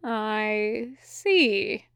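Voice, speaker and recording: A woman voicing a male demon who speaks slowly and hesitantly, puzzled and wary. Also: high-pitched, animated, no echo, clean studio sound, voice pushed up. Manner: slow and hesitant.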